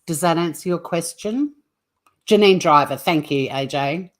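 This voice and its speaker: A woman's voice: on the low side, unhurried. A woman hosting a livestream, rambling in casual chat with viewers and swearing freely. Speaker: livestream host.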